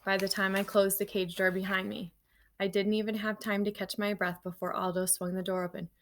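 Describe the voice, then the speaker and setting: A woman reads a children's chapter book aloud to her class with a gravelly, creaky edge to her voice. Her delivery is lively and animated, and she slips into casual asides to her students between passages. Her pitch sits in the ordinary middle range for a woman. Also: fairly quick. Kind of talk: reading a children's novel aloud.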